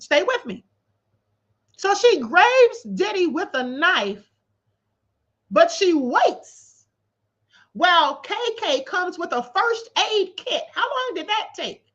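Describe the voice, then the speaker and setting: With an extremely high pitch, big swings in intonation and a fairly bright tone, a woman speaks a little slowly while hosting a livestream. She reads a court filing aloud, mocking it sarcastically and laughing in disbelief; her livestream mic sounds dull.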